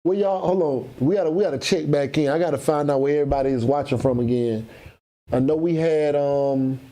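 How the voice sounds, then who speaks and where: A man's voice: on the high side, brisk, warm tone. A man hosting a casual livestream, chatting loosely and greeting viewers by name. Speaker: livestream host.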